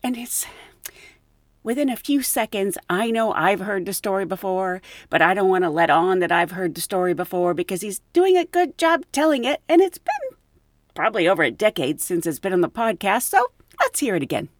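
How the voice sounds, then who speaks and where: A woman podcast host and flight attendant telling stories in a casual, animated way, laughing often. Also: mid-range voice, moderate pace, dry recording, clean studio sound. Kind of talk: casual storytelling.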